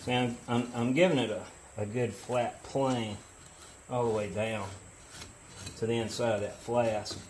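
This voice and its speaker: A man's voice: medium pitch, steady tone, measured pace, background noise. A middle-aged man in a workshop, talking casually as he explains his work and drifts into storytelling. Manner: easygoing, chatty, explains as he works. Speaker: metal casting hobbyist host. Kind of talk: casual how-to narration with storytelling. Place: foundry workshop.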